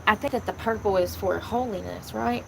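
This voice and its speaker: Woman vlogger, candid and rambling, middle pitch, phone mic in a car. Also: a little fast, vocal fry, background noise. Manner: rambling, candid, talks to viewers as "y'all". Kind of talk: casual chat. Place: in a car, talking on her phone. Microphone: phone in hand.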